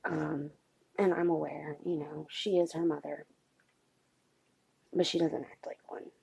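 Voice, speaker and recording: Hushed, husky low-voiced woman vlogger. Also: level tone, no room sound, low-quality recording. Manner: hushed, halting, many pauses and fillers. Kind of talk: late-night confessional vlog. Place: home at night.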